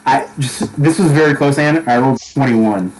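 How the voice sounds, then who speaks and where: A man's voice: medium pitch, moderate pace, a little mellow, slight background noise, low-quality recording. A young man narrating as dungeon master, who laughs often and restarts his sentences. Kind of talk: narrating a tabletop game.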